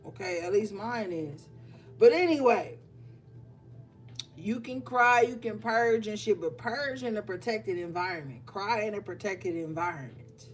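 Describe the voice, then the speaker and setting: Woman tarot reader, mid-pitched, profane and blunt, laughs a lot, faint music behind. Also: unhurried. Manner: scolding, animated. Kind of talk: casual livestream card reading.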